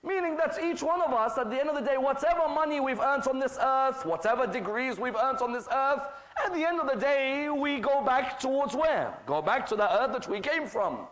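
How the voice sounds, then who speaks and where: A British man delivers a religious lecture in a high, clear voice. He tells stories and acts out the characters' lines. He keeps turning to the audience with rhetorical questions. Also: animated, moderate pace, few pauses, fairly bright tone, low-quality recording. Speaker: Islamic lecturer.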